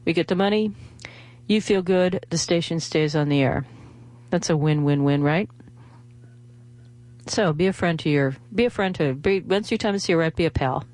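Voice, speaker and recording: A woman's voice: lowish voice, moderate pace, darkish tone. Rambling chatty woman radio host. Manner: rambling, many fillers and restarts, chatty. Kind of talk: casual radio monologue with pledge appeal.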